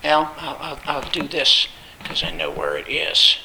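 A man teaching a Bible study lecture, stressing points with repetition and pausing often on filler sounds. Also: on the high side, sing-song, noisy background.

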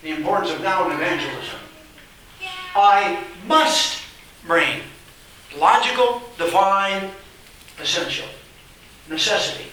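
A man's voice: high-pitched, lively intonation, takes it slowly, pauses often, pushed and bright, distant mic, slight background noise. A man preaching a sermon, emphatic and repetitive, reading scripture aloud in a church hall. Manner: emphatic, repeats phrases, reads scripture aloud. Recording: very echoey room, voice off-mic.

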